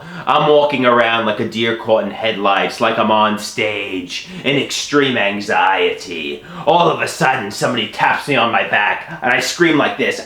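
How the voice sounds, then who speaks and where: A man's voice: fairly low pitch, animated, normal speed, hardly any pauses, pushed and bright. Sing-song young man telling a comic story. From Long Island, New York. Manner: sing-song chanting and mouth sound effects. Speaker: comedian. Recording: echoey room.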